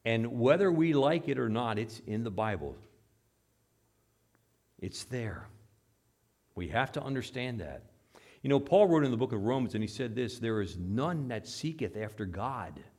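Preaching man, loud then hushed. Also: mid-range voice, big pitch swings, a little slow, long pauses. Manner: dramatic, swings between loud scripture reading and hushed asides; asks the congregation questions. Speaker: pastor. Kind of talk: sermon.

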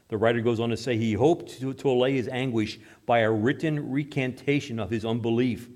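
A male pastor delivering a sermon in a church. His delivery moves freely between quiet, almost whispered stretches and loud, emphatic bursts. His voice sits in a middle pitch for a man. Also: steady tone, brisk, hardly any pauses. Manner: dynamic preaching, swings from hushed to loud.

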